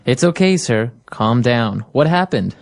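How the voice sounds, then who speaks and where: A woman reading a calm, patient male tech support agent in a scripted dialogue. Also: rumbling low, a little slow, creaky, no room sound, clean studio sound, full character voice. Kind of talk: scripted role-play dialogue.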